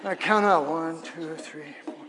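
A male pastor preaching a sermon in a church, energetic and humorous, leading the congregation in call-and-response. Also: fairly high pitch, a little slow. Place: church sanctuary. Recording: long reverb of a church hall.

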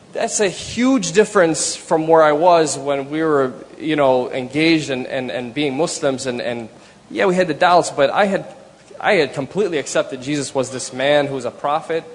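A man telling a personal story in church, earnest and halting, often repeating his words. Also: on the high side. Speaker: speaker sharing a conversion story. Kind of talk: personal testimony. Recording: long hall reverb.

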